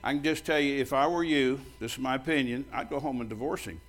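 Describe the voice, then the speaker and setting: A man's voice: medium pitch, fast talker. An older man preaching a sermon as pastor, bluntly telling stories and acting out both sides of the conversations. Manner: loud and bold when joking with the congregation.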